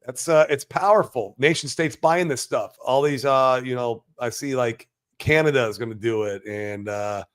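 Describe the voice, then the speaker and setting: A man hosting a casual crypto livestream, brash and profane, swinging between loud hype and mumbled asides as he reads chat comments. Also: mid-range voice, normal speed, hardly any pauses, clear, resonant tone.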